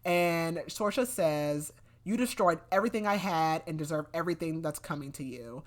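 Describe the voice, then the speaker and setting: A young woman podcast host with a notably low voice breezily summarizes a novel in a chatty recap. She leans on "like" and "whatever" and slips into quick, loose renditions of what the characters said.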